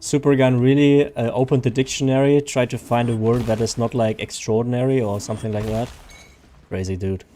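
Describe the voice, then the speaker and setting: A man's voice: medium pitch, fairly even intonation, a little fast, dark tone. A man, chatting casually and rambling to viewers while he streams a game. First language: German. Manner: rambling, chatty, reads viewer names aloud.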